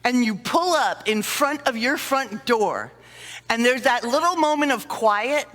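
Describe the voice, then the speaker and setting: A middle-aged woman speaking to a conference audience, telling lively stories and acting out sighs and little scenes. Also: a little high, unhurried. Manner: animated storyteller, acts out sighs and little scenes. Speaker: conference speaker on dementia care. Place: conference hall. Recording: long reverb of a hall.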